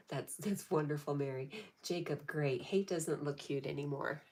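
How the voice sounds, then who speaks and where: A woman with a low-pitched voice and measured pace hosts a casual livestream chat. She reads viewers' comments aloud and answers them gently and affectionately, offering spiritual encouragement.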